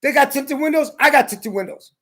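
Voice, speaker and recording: A man tells a story in an angry, profane rant. He talks heatedly and breaks into shouts. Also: very high-pitched, a little fast. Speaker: ranting commentator.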